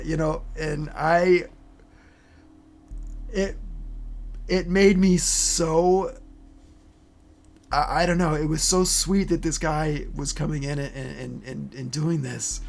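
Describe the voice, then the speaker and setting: Earnest, halting male streamer. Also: on the high side, gravelly, a little hiss or hum. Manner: halting, restarts often, emotional and earnest. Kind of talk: casual live-stream chat.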